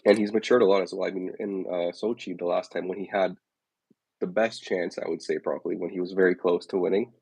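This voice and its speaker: Low husky-voiced man chatting casually. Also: fairly even intonation, a little fast, darkish tone, no echo, rough recording. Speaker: podcast co-host. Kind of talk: casual chat.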